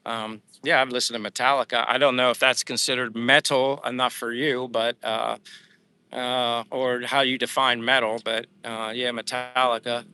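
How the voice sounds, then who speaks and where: Rambling older man from Pennsylvania, bright voice. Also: medium pitch, little pitch movement, moderate pace, smooth. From Pennsylvania, USA. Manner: rambling, friendly, frequent fillers and restarts. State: sweating in the heat. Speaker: livestream vlogger reading chat. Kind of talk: casual live chat while walking. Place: outdoors under trees in the heat.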